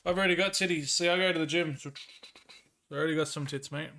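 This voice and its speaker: A man's voice: fairly high pitch, fairly even intonation, fast talker, pushed and bright. A young Australian man with a Victorian accent chatting casually with viewers on a live stream, laughing often and sounding bemused. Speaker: livestreamer.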